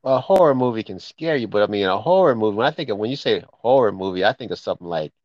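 A man's voice: lowish voice, animated, fast talker, no echo, dull audio. A man co-hosting a casual chat podcast, joking around and slipping into mock gangster voices. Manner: joking, drops into gangster impressions. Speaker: podcast co-host.

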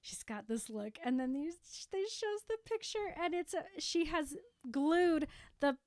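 A woman's voice: high voice, big pitch swings, a little slow, darkish tone, no echo. A woman co-hosting a casual chat, retelling a movie scene in a chatty way. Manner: chatty, laughs while retelling.

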